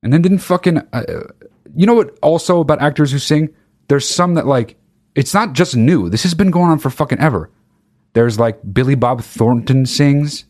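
A podcast host delivers a profane, sarcastic, rambling comedic rant. His voice is a little high and darkish in tone, expressive, and moves at a normal speed.

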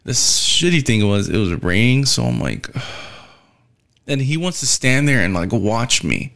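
A man's voice: fairly low pitch, big pitch swings, unhurried, gravelly, fairly bright tone. A man working as a delivery driver tells a casual, rambling storytime rant, swearing heavily and sounding weary and fed up. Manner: profane and rambling, heavy swearing.

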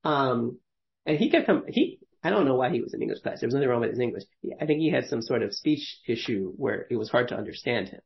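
Rambling, laughing podcast host with gravelly voice. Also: male voice, medium pitch, expressive, fast, few pauses, dull audio. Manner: rambling, laughing often, many fillers and restarts. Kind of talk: casual conversational storytelling.

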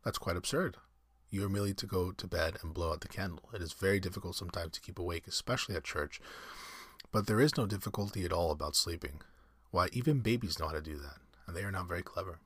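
Man reading as an earnest little girl, his own low voice barely changed, dry. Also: fast talker, a bit bright, slightly rough, dry recording.

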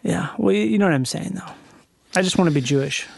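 A man's voice: high-pitched, animated, quick pace, vocal fry, dry recording, clean studio sound. A man co-hosting a casual chat, jokey, swearing freely and slipping into impressions.

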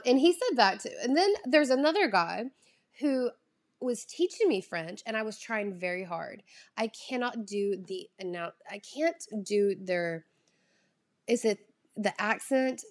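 Profane ranting woman with a Southern drawl. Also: mid-range voice. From Southern United States. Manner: profane, ranting, laughs often. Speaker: vlogger. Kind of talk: casual chat.

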